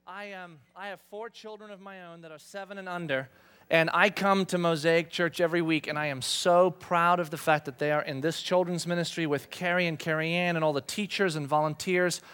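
A man's voice: fairly high pitch, fairly even intonation, fairly quick, a bit bright, clear, resonant tone. A man in his thirties, a pastor, telling a chatty, self-deprecating family story in a sermon. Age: 30s.

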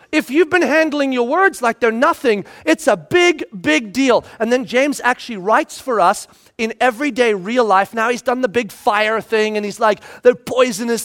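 A middle-aged man preaching a sermon, telling stories with animated acted-out voices and sudden shouts. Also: very high voice. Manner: animated storytelling, acts out voices and shouts for effect. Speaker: pastor.

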